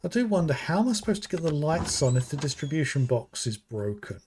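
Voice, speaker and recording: Here a British gaming streamer narrates a horror game live, unhurried, thinking out loud and murmuring what each item is called. He has a fairly high, sing-song, slightly mellow voice, and there's a little background noise.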